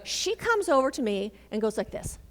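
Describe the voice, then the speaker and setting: Woman minister preaching, lively up and down voice, kinda high, big echoey hall. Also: normal speed. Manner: storytelling, animated, acts out dialogue. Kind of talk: sermon. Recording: reverberant hall.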